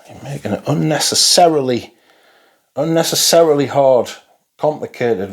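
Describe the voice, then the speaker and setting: A man reviews fragrances in a loose, rambling chat, swearing casually and calling the audience his friends. His voice is a little husky, and his pitch swings about with lively ups and downs. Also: a little slow. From Newcastle, England. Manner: chatty and rambling, swears freely, addresses viewers as friends.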